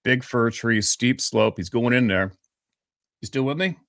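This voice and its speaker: Interview guest, male, 50s, from Vancouver Island; blunt and profane, animated storyteller, dry sound. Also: mid-range voice, unhurried, gravelly, no room sound. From Vancouver Island, Canada.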